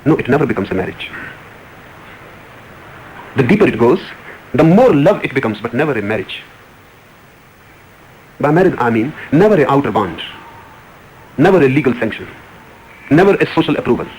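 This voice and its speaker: A man's voice: medium pitch, sing-song, moderate pace, long pauses, darkish tone, a little hiss or hum, rough recording. A man giving a spiritual discourse as a teacher, telling a story and answering questions with repeated, emphatic phrases.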